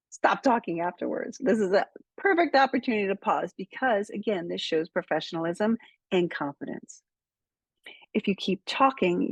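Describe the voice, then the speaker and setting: A woman speaker coach giving speaking tips straight to camera, with measured, emphatic delivery and deliberate pauses. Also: medium pitch, husky, dry recording.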